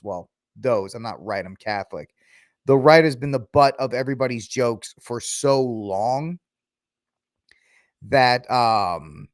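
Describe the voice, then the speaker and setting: A man hosts his own podcast and rants through a solo commentary, with sarcastic asides that mock the people he argues with. He speaks at a middle pitch for a man. His voice is recorded dry and close, with no room sound around it. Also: dry recording. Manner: ranting, sarcastic, mocking asides. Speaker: podcast host.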